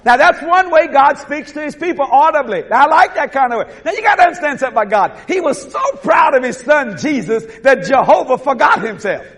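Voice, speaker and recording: Male preacher, folksy and chuckling, unusually high voice, lively delivery. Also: fairly quick, few pauses. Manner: folksy, chuckling, acts out scenes. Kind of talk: sermon.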